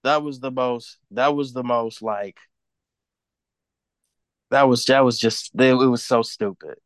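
A man's voice: medium pitch, fairly even intonation, a little slow, no room sound. A man co-hosting a podcast, ranting bluntly and cursing freely in casual chat. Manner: blunt, profane, heated ranting. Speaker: podcast co-host.

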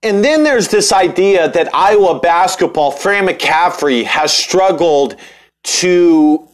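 A man's voice: sits high, animated, slow pace. A young man hosting a casual sports podcast, rambling and joking with lots of restarts and fillers. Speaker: podcast host.

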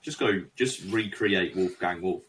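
A man's voice: sits low, unhurried, a bit bright, a little hiss or hum, rough recording. A man co-hosting a casual podcast, answering in short, dry remarks. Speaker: podcast co-host. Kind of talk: casual chat.

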